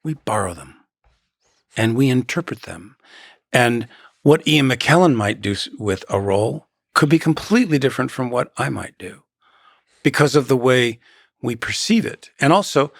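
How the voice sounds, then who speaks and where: A man in his sixties, a guest on a podcast, talking in a measured, halting way with quoted asides and dramatic pauses. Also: medium pitch, animated, vocal fry, no room sound, clean studio sound. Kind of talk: reflective interview storytelling.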